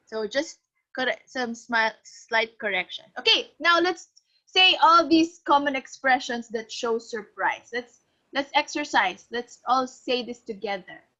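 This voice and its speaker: High, slow-talking woman teacher. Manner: encouraging, animated, coaxing students. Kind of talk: online class instruction. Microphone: video call. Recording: muffled lo-fi online class audio.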